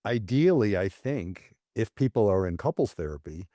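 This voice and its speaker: A man, a psychologist, speaking as a guest in a thoughtful, measured way, with an occasional soft laugh. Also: on the low side, sing-song, dry recording, studio quality. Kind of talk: conversational interview.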